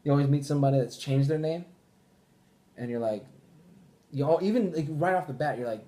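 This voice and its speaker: A man's voice: on the high side, a little fast, warm tone. A man hosting a podcast, ranting casually and profanely, with mock voices for the people he quotes. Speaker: podcast host. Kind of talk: casual chat.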